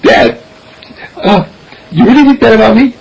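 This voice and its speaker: Guy doing a little kid gushing for his dad's praise, squeaky high and raspy. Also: normal speed, full character voice, low-quality recording. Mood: amazed. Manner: breathless, gushing, high and excited. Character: eager little boy longing for his father's praise.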